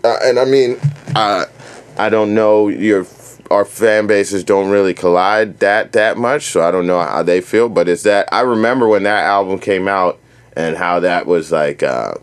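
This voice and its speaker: A male host and fellow artist asking questions in a halting way, often stopping to search for words. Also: on the low side, clean tone. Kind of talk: casual interview chat.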